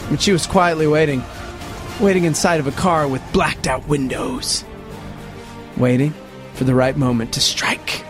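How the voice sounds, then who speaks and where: A man casually retelling a news story to friends, animated and acting out quotes. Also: normal speed, pauses often, faint music behind. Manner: animated, puts on voices for quotes, sweeping pitch jumps. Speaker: storyteller in a podcast chat.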